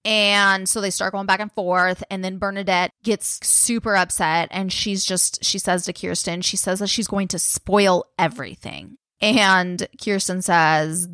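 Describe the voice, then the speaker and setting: A woman's voice: mid-range voice, steady tone, a little slow, hardly any pauses, a bit bright, no echo. Woman podcast co-host, casual true-crime storyteller, loose and chatty with lots of fillers, mid-range voice, dry close sound. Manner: chatty, filler-heavy, swears freely.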